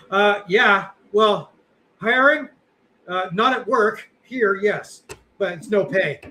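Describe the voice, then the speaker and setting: A man's voice: high-pitched, lively intonation, takes it slowly, pauses often, pushed and bright, slight background noise, rough recording. A middle-aged man co-hosting a podcast, chatting casually in a rambling, self-deprecating way with lots of fillers. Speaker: podcast co-host. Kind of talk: casual chat.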